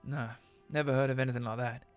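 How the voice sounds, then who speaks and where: A man's voice: medium pitch, steady tone, fast talker, faint music behind, pitched below the performer's own voice, close to an everyday voice. A man voicing a friendly male tinkerer who wears steampunk glasses, talking in a hesitant, stammering way. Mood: apologetic.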